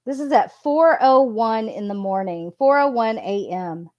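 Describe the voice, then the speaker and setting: A woman reading text messages aloud and adding casual commentary, in an unhurried, plain delivery. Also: fairly high pitch, expressive, a little mellow, muffled recording. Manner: unhurried, reads quotes in a plain voice. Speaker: true crime commentator.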